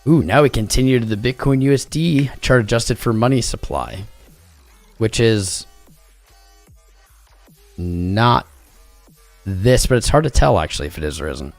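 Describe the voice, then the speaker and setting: A man's voice: medium pitch, animated, unhurried, gravelly, long pauses, darkish tone, no room sound, soft background music. A tired man hosting a livestream, chatting casually in a rambling, jokey way. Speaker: crypto livestream host.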